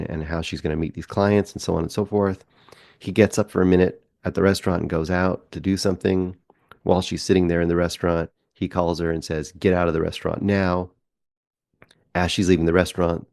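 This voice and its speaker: Deep gravelly guy rambling thru a movie plot on a podcast, dry close sound. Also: a little mellow, no echo. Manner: rambling plot recap with quoted asides. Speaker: podcast film reviewer. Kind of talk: casual movie review chat.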